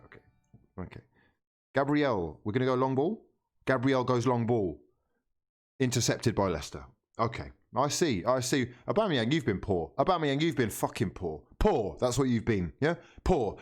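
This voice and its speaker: Young man, live match reaction, swears a lot, pleads with players, lively up-and-down voice, mid pitch. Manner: emotional, swears often, pleads with and scolds players. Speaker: football fan streamer hosting a live match watchalong.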